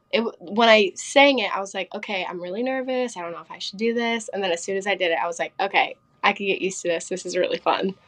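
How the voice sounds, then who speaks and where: A woman's voice: mid-range voice, a bit bright. Chatty young woman singer telling stories. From Pennsylvania, United States. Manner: chatty, quick storytelling with many fillers. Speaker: singer and podcast guest. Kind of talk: casual interview chat.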